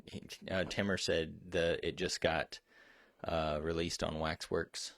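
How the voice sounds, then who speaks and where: Co-host, male, low voice, rambling and swears a lot, dry close recording. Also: slow pace, no room sound. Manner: profane, excitable, rambling. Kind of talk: casual chat.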